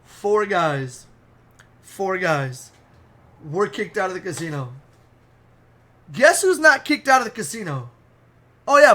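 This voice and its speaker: A young man excitedly telling a wild story in a casual, profane, animated way. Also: high voice. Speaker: storytime vlogger.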